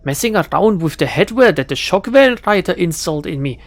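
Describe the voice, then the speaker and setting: Streamer doing a fed up hacker girl in her twenties, fake german accent, sharp and short with people. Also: medium pitch, big pitch swings, normal speed, slightly rough. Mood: snippy. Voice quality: shaky put-on German accent. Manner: curt and sharp. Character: bitter female hacker in her twenties, weary. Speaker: game character read aloud. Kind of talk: reading game dialogue aloud.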